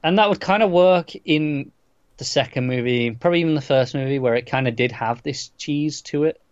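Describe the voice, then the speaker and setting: Dude in a movie chat, dull dry mic, calm and explain-y, repeats words a bit. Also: male voice, a little high, no echo. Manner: measured, explains reasons, repeats words when starting. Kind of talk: casual film discussion.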